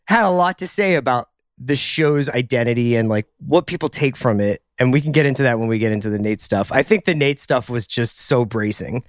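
A man's voice: medium pitch, fairly quick, hardly any pauses, no room sound, clean studio sound. A man hosting a podcast, talking casually and thinking aloud through a discussion of a TV episode. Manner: chatty, thinks aloud with restarts and asides. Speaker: podcast host. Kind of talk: casual pop-culture discussion.

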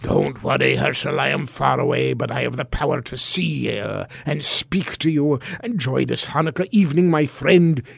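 A man voicing a menacing goblin king in a read-aloud storybook, speaking slowly and with looming threat. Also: mid-range voice, creaky, husky, dry recording, clean studio sound. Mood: threatening. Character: menacing male goblin king, deep and slow.

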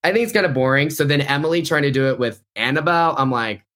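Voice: mid-range voice, fast talker, a bit bright. A podcast host in casual pop-culture chat, talking in a chatty way, filling the talk with "like" and laughing often.

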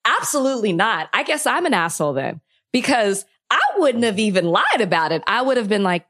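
A woman's voice: mid-range voice, very animated, brisk, a bit bright. A woman co-hosting a podcast in casual chat, blunt and emphatic in her opinions. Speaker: podcast co-host.

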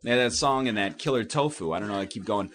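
A man's voice: on the low side, animated, fast, fairly bright tone. A man in his thirties delivering a wry, self-mocking comedic monologue full of tangents.

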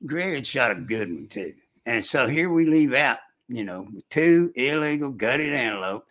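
An older man telling a hunting story in casual chat, with a folksy rural way of talking, animated when he acts out the shouting. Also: medium pitch, normal speed. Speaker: storyteller recounting hunting trips.

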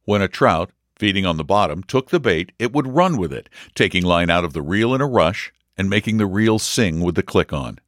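A man reading a story aloud in a measured, expressive narration. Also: sits low, dry recording, studio quality. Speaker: audiobook reader. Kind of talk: scripted narration.

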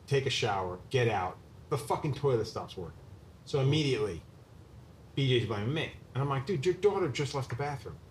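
A man's voice: mid-range voice, a little hiss or hum, poor audio. A man, a tattoo artist guest, telling a story in casual chat and swearing constantly. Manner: profane, animated storyteller.

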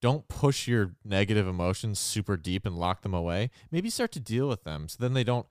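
Young guy on a podcast, wry jokes, lowish smooth voice. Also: lively intonation, fairly quick, darkish tone, no echo, clean studio sound. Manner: wry, joking commentary. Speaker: podcast co-host. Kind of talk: casual recap chat.

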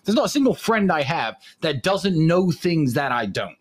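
A man chats on a livestream, rambling through stories and cursing as he goes. His voice sits a little high and swings up and down with lively pitch. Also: normal speed. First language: English. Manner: rambling storyteller, swears freely. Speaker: livestream co-host. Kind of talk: casual chat.

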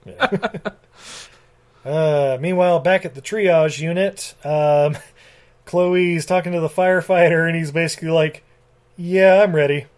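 A man's voice: a little high, steady tone, unhurried. A man co-hosting a podcast, recapping a movie in a rambling casual chat, laughing often and swearing freely. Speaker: podcast co-host.

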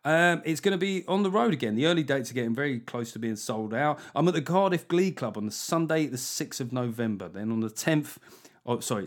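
A man with an English accent hosting a comedy podcast, sweary and mocking, tossing in quick jokey asides. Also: medium pitch. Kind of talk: casual comic podcast chat.

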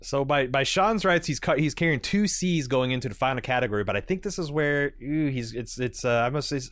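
A man's voice: medium pitch, brisk, a bit bright, no echo. A man co-hosting a podcast, rambling and restarting his sentences in casual chat. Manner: rambling, hesitant, many fillers and restarts. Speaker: podcast co-host.

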